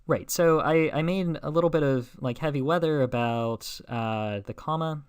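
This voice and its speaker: A man giving a logic lecture. He works through each step slowly and keeps checking in with the class. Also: on the high side, clear, resonant tone. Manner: explains step by step, with many "right?" checks and fillers.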